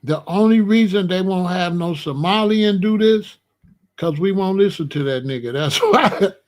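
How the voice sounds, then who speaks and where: A man hosting a casual live stream, talking in an animated way, repeating his points, laughing and addressing viewers by name. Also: high-pitched, normal speed. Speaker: host of a live call-in show.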